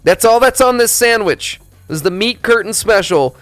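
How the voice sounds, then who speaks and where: A man streaming, chatting casually in a rambling, profane, animated storytelling way. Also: high voice, moderate pace, no echo, soft background music.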